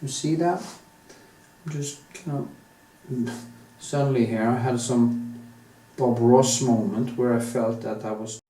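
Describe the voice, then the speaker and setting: A man with a Norwegian accent thinking out loud as he paints, rambling candidly with many restarts and drawn-out stretches. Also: medium pitch, steady tone. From Norway. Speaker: artist. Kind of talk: casual monologue while painting. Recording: echoey room, mic set at a distance.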